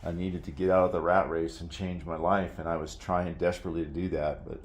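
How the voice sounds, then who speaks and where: A man's voice: low-pitched, flat delivery, brisk, a little hiss or hum. A man earnestly telling his personal story in a casual, reflective way, often trailing off and restarting.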